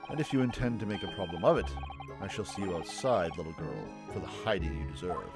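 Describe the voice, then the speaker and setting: A man doing a pompous posh English gentleman. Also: low voice, big pitch swings, fast talker, music in the background, voice pushed down. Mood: haughty. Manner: pompous, clipped, disdainful. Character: haughty posh English gentleman, cold and condescending.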